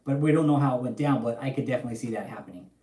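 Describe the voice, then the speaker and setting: A young man holds forth on his livestream, swearing freely and chatting to viewers. His voice is mellow and dark-toned. He sits a little back from the mic in an echoey room. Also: medium pitch, rapid-fire, recorded from a distance. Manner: profane, animated, chatty. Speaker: livestream host. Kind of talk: casual livestream commentary.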